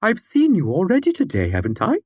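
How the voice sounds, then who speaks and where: A man's voice: sits high, wildly swooping pitch, brisk, husky, dry recording, clean studio sound, pitched above the performer's own voice, exaggerated voice. A man voicing an odd, childlike archive dweller who talks in a distracted, theatrical way. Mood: distracted, whimsical.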